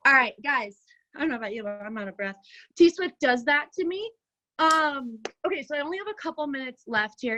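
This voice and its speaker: A woman coaching a crowd over a video call in a bright, high-pitched voice. She sounds peppy and chatty, with lots of "like" and "right?" woven through a motivational pep talk. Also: highs cut off. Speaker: fitness coach speaking at a virtual brunch.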